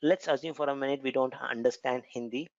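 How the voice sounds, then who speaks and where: A man's voice: medium pitch, fairly even intonation, fast talker, dry recording. Man with an Indian accent teaching. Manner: conversational, repeats words, frequent "uh" fillers. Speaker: cloud computing instructor. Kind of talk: explanatory tutorial lecture. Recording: dull, lo-fi, dry sound.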